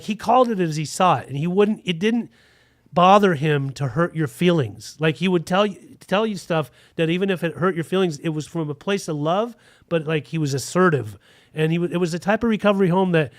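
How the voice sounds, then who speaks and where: A man's voice: a little high, no echo, clean studio sound. A man in his forties telling a frank, rambling story in a casual podcast interview, with plenty of "like" fillers.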